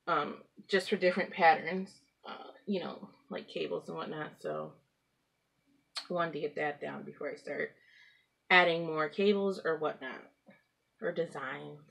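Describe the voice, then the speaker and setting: Lady chatting about her knitting at home, kinda low voice, rambly, laughs a lot. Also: a little slow, a bit bright. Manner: chatty, rambling, laughs often, coughs and clears throat. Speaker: knitting podcast host. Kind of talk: casual craft chat to camera. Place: at home with pets.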